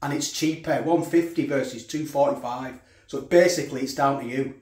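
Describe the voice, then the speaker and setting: A man's voice: medium pitch, moderate pace, darkish tone, echoey room. A man casually reviewing food for his vlog, chatting while he eats. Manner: chatty, talks while eating. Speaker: food vlogger.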